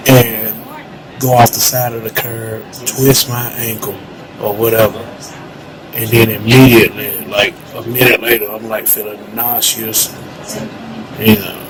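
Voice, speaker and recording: A man, an owner-operator truck driver, giving a slow, subdued vlog update from a hospital emergency room. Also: mid-range voice, low-quality recording. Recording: clear background noise.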